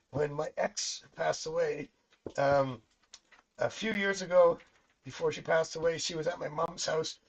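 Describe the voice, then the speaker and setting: A man's voice: on the high side, creaky, rough recording. Chatty middle-aged man reading tarot. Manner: chatty and rambling, laughs often, tells family stories. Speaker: psychic tarot reader. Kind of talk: live-stream tarot reading, casual chat.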